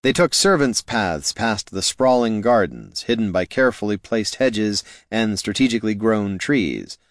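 A man narrating a fantasy story aloud in expressive scripted narration. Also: on the low side, a little slow, no echo, studio quality. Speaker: audiobook narrator.

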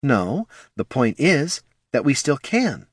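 A man's voice: mid-range voice, sing-song, slow pace, breathy edge, dry recording, studio quality, pitched above the performer's own voice, exaggerated voice. A man voicing a confident female elf ranger who coaxes and persuades. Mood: coaxing. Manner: coaxing, persuasive, sure of herself.

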